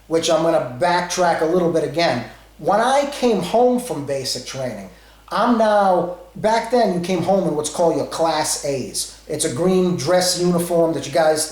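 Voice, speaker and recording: A man's voice: a little high, darkish tone, reverberant, low-quality recording. A man from Rhode Island in his forties with a New England accent, telling a rambling story full of asides. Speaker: vlogger. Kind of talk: casual storytelling.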